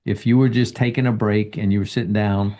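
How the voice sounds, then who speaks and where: A male life coach with a low, mellow voice. He guides the conversation with probing questions, building each point step by step in a live coaching session. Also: steady tone, brisk.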